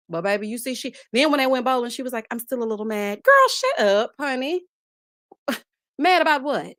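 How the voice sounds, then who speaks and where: A woman hosting a casual reality TV recap, sassy and animated, calling her viewers child and baby and breaking into laughs. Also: no echo, studio quality. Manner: bursts into high laughs. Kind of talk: casual chat.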